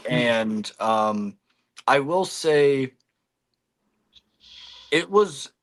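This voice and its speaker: A man's voice: medium pitch, lively intonation, very slow, a bit bright. A man hosting a casual livestream, rambling with many fillers and eating while he talks. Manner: chewing food while talking. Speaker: livestream host.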